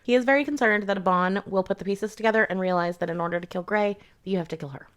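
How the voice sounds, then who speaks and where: A woman's voice: mid-range voice, fast. Blunt, sarcastic woman ranting about books. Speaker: book reviewer. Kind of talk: casual rant review.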